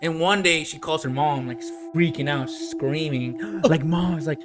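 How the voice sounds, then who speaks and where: A man hosting a casual podcast chat, excitable, swearing a lot and reacting loudly. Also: on the high side, measured pace, over music. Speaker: podcast host.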